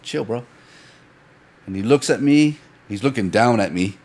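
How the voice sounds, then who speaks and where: A man's voice: fairly low pitch, normal speed. A man telling a story in casual chat, swearing freely and acting out dialogue. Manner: animated anecdote teller, swears freely, acts out dialogue. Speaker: guest.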